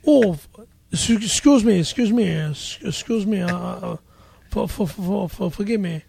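A man's voice: high voice, moderate pace, gravelly, darkish tone, husky, full character voice. A man voicing a crude Texan corn oil tycoon who stammers and drawls. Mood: leering.

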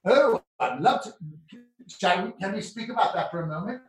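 A man's voice: high voice, very animated, moderate pace. Here is a man speaking in a fussy, overly refined, theatrical manner. He sounds as if he is on a video call. His voice rings around a reverberant room. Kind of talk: comic affected chat.

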